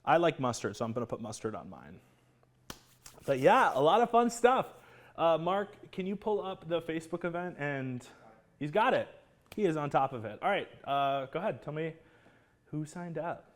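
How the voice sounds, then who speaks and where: A man hosting a live cooking class, chatty and excitable, greeting viewers by name. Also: on the high side, normal speed.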